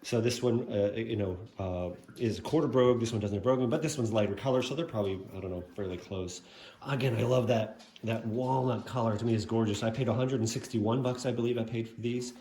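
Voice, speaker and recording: A man's voice: medium pitch, fairly quick, dark tone. Casual rambling man in echoey room. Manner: rambling, conversational, lots of fillers. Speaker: shoe collector and restorer. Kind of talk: casual show-and-tell vlog.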